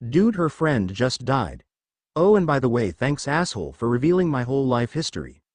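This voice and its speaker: A man reads a sarcastic young woman in this storybook reading. Her tone is icy, and she cuts people off fast. The voice swings up and down freely, close and dry. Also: mid-range voice, big pitch swings, dry recording.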